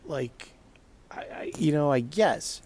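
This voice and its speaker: A man's voice: on the high side, takes it slowly, a little mellow. Rambling man chatting solo, faint noise. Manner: rambling, with many restarts and laughs. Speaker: podcast host. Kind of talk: casual solo chat.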